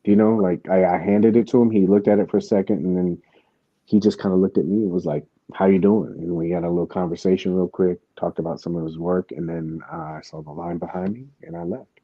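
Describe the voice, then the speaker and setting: A man's voice: low voice, fast talker, gravelly, breathy edge, no echo, highs cut off. A man hosting a podcast, telling a story in casual chat, with lots of restarts and asides. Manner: rambling storytelling with many restarts. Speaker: podcast host.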